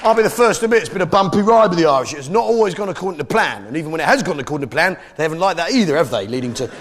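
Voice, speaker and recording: Man, stand-up comedy, brash, sweary, lively pitch, crowd laughter, noisy live recording. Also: very fast. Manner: brash, sweary, mock-patriotic. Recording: live show with crowd noise. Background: audience laughter.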